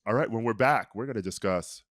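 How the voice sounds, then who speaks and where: A man's voice: fairly low pitch, brisk, a bit bright, no echo, studio quality. A man hosting a podcast, chatting in a playful, gossipy way and reading sponsor spots. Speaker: podcast host. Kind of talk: casual chat and ad reads.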